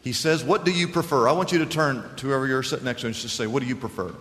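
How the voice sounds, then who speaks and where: A man's voice: medium pitch, fast talker, fairly bright tone. A middle-aged male pastor preaching a sermon to his congregation, telling stories with humor and repeating lines for emphasis. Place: church sanctuary before a congregation. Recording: hall reverb with faint room noise.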